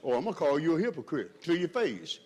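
A man's voice: very animated, fast, darkish tone, slightly rough. Impassioned preacher man, rising and falling. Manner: preaching with swells in pitch and volume, calls to the congregation. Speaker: pastor. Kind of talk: sermon.

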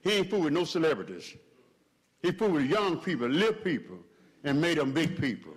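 A man preaching a sermon as pastor, swelling in pitch and volume and calling out to his congregation. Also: very animated, fairly quick, husky.

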